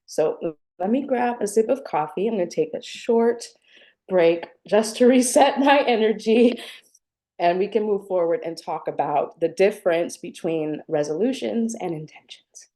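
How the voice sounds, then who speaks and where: A woman hosting a live-streamed spiritual talk, gentle and affectionate as she speaks to her viewers and reads their chat. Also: mid-range voice, a little slow. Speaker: spiritual channel host.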